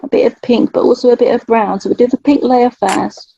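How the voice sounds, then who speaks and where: Woman, spirit artist, gentle, chatty, dry dull recording. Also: a little high, brisk, creaky, breathy edge, dry recording. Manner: gentle, chatty, laughs often. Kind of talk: live psychic drawing session.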